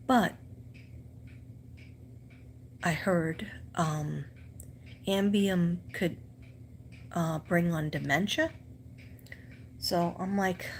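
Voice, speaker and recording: Staten island lady on a live stream, lowish voice, rambling chatty stories, tiny bit of hiss behind. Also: very slow, pauses often. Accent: New York, Staten Island. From Staten Island, New York. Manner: chatty storytelling, full of fillers and asides. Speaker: teacher and live-stream host. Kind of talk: casual live-stream chat.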